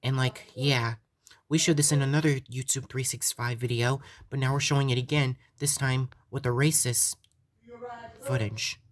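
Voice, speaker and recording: A man's voice: mid-range voice, fairly even intonation, moderate pace. A man hosting his own channel, talking in an earnest vlog style that is repetitive and full of stumbling restarts. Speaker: host of a fan-made theme park channel.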